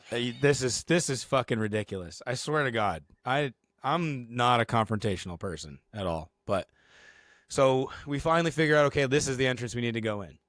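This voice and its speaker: A man co-hosting a podcast, telling a story in casual, profane, animated fashion. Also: medium pitch, brisk, no echo. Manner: animated, profane storytelling with shouted acted quotes. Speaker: podcast co-host.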